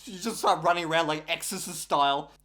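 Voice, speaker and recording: A woman's voice: low voice, brisk, a bit bright, a little hiss or hum. A woman giving casual comedic commentary on a book, incredulous and swearing, laughing often as she reads. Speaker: YouTuber reviewing a book.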